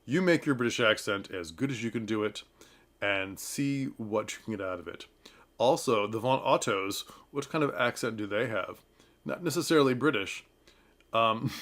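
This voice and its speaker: A man talks through a stage review in an easy, chatty way, with a pitch that sits in an ordinary middle register. He laughs often, coaxes his listeners with friendly advice, and now and then slips into playful mock voices. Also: fairly bright tone. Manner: coaxing, advice-giving tone. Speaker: theater reviewer. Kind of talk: casual talking-head commentary.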